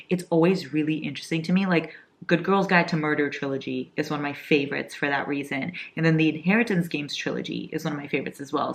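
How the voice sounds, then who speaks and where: A young woman in her twenties chatting excitedly about books in a casual reading vlog, swearing casually and saying "like" a lot. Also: low voice. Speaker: book vlogger. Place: home kitchen at night.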